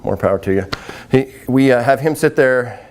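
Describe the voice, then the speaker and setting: Man, chatty instructor, mid-pitched voice, self-mocking, relaxed teaching. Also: normal speed. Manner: chatty, laughs at himself. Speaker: vision exercise instructor. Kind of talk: casual demonstration talk.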